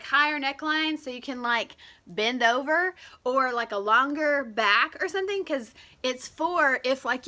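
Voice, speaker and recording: A woman with a bright, bubbly voice hosts her weekly live stream from home. She sits in front of a camera propped on a shoebox. She chats casually and greets viewers by name in a high, chirpy tone.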